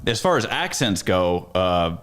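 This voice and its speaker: Relaxed, chatty actor guest, male, voice sitting a bit low. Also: measured pace. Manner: laid-back, chatty storyteller. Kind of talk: casual podcast conversation.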